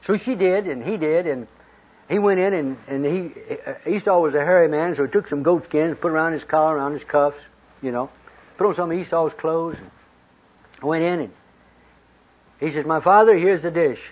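In a storytelling sermon, a man retells scripture stories in plain, folksy language and acts out the quoted lines. His voice is fairly high, a little mellow, and breathy at the edges, with a moderate pace and long pauses. The recording is dull and lo-fi.

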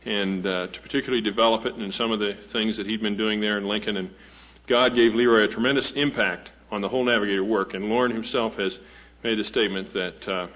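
A man's voice: lowish voice, steady tone, quick pace, fairly bright tone. Male host, folksy rambling introduction to a live audience, muffled dull old recording. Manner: folksy, rambling, many fillers and restarts. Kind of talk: speaker introduction with a humorous story.

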